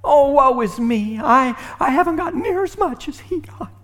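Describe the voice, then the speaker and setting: A man's voice: very high-pitched, expressive, normal speed, fairly bright tone, big-room sound, pitched above the performer's own voice. A man voicing an angry, resentful older brother who whines about unfairness. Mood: whining. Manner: indignant, whining complaint.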